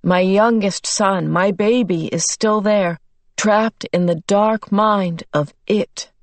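A worn, serious father speaks in a storybook reading, voiced by a woman. Each word comes slow and distinct, low and measured. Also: no echo, lightly acted. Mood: grave.

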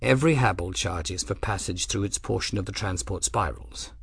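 A man voicing a patient, dignified lord in an audiobook, measured and quiet. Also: low voice, vocal fry, slightly rough, no room sound, full character voice. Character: patient, dignified middle-aged male lord. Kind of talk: audiobook character voice.

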